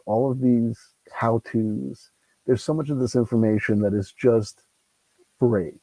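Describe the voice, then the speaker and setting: A solo tabletop game player and channel host talks through his game on a lapel mic in a fairly low, mellow voice. His casual commentary wanders into rants and swears freely, captured in a dry, low-quality recording.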